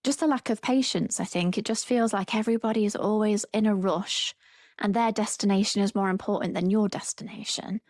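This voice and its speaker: A woman, a therapist co-hosting a casual podcast chat, reflective and quick to vent about her pet peeves. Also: medium pitch, steady tone, darkish tone, no echo, studio quality.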